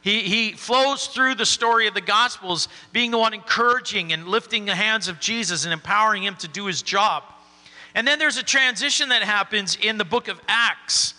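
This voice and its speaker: A man's voice: high-pitched, normal speed, pushed and bright, in a large hall. A man preaching a sermon in a folksy, encouraging way.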